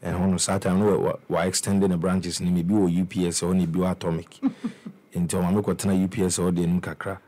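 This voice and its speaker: A young Ghanaian musician talks fast in a low, dark voice with a level tone. Recounting his life in a laid-back interview, he code-switches between English and Twi and often restarts or says words twice.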